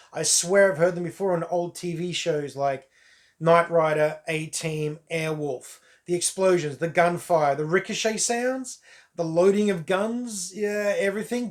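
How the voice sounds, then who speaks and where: A man giving a casual, wry and candid spoken review of a movie on camera. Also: sits high. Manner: wry, candid, offhand asides. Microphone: camera mic.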